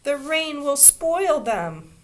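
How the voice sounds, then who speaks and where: A woman voicing a stubborn little girl who wails and protests in a shrill, high voice. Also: very animated, takes it slowly, full character voice. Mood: protesting. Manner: shrill, wailing cries. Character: small girl, stubborn and wailing.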